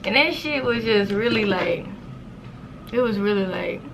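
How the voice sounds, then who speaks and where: A woman in her twenties telling a casual storytime to camera, animated and profane, with sudden high squeals when she quotes people. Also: a little slow, creaky, a little hiss or hum. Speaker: vlogger.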